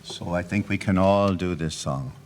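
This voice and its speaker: A man telling humorous old-country folk stories in an unhurried way. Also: low voice, over loud music. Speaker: storyteller. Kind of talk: folk storytelling.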